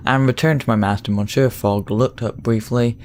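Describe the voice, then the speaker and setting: A man's voice: medium pitch, fairly even intonation, moderate pace, slight background noise. A man reading a text adventure game aloud with dry, teasing asides. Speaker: game narrator.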